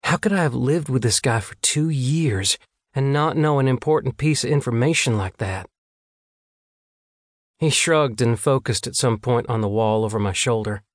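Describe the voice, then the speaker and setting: A man reading a first-person romance audiobook in a measured, intimate storytelling manner on a close studio mic. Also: mid-range voice, no echo. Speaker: audiobook narrator.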